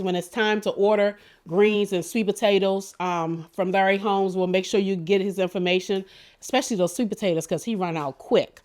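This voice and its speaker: A woman's voice: medium pitch, a little mellow. A middle-aged woman giving a casual cooking demonstration, telling chatty, rambling stories with many fillers. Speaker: cooking show cook.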